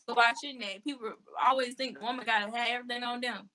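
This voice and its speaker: A woman's voice: a little high, fairly even intonation, fast talker, pushed and bright. A woman being interviewed, talking casually and bluntly, saying things straight out. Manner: blunt and outspoken. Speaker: interview guest.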